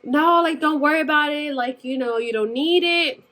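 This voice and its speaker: A woman's voice: high-pitched, normal speed, bright, forceful tone, voice pushed up. A young woman voicing her pushy, dismissive mother in a breezy tone that brushes off concerns.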